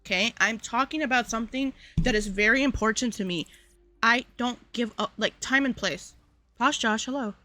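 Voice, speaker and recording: A woman's voice: on the high side, moderate pace, bright, forceful tone. A woman streamer talking casually to her chat, rambling with lots of fillers and asides. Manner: rambling, filler-heavy, addressing chat directly.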